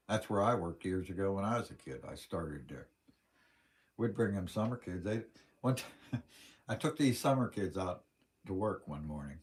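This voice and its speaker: A man with a Western Pennsylvania accent talks on a casual livestream, rambling from one story to the next in a plain-spoken, folksy way. His voice sits a little on the low side. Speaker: livestream host.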